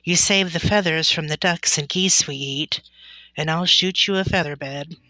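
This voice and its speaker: A woman's voice: low voice, moderate pace, pushed and bright, no room sound, low-quality recording. A woman voicing a cheerful, hearty pioneer father in a storybook reading, confident in tone.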